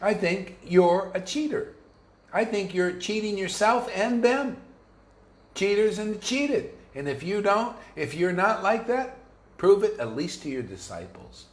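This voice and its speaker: A man's voice: sits high, very animated, a little slow, roomy sound. Blunt, slangy male spiritual teacher. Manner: blunt and combative, slangy, frequent restarts. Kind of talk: informal devotional sermon.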